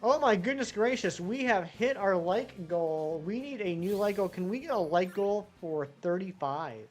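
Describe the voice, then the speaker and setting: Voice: mid-range voice, lively intonation, measured pace, darkish tone, faint music behind. A live-streaming gamer chatting casually with viewers, rambling and answering the chat while playing.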